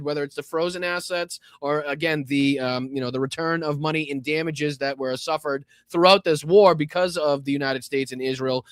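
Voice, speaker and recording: A man's voice: a little high, fairly bright tone, clean tone, dry recording. A man with a Boston accent hosting live political commentary, sarcastic and profane, breaking into laughing asides.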